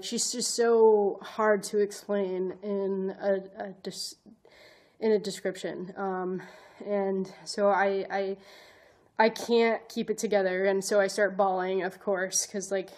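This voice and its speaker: This vlogger, also an advocate and educator, has a medium-pitched, slightly mellow voice. Her personal story comes out earnest and emotional but self-conscious, wandering along with frequent restarts and "like" fillers.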